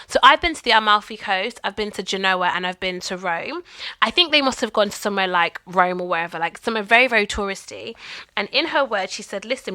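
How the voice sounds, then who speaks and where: A young British woman co-hosting a podcast, telling a story in a lively, casual way and acting out the people in it. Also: mid-range voice, no room sound. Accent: British English. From England. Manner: animated storyteller, acting out quoted voices. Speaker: podcast co-host.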